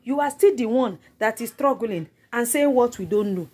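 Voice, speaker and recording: High-voiced, mocking Nigerian woman gossiping. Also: lively intonation, normal speed, darkish tone, breathy edge. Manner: mocking, repetitive, breaks into laughter. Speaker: celebrity gossip vlogger. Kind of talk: gossip commentary to viewers.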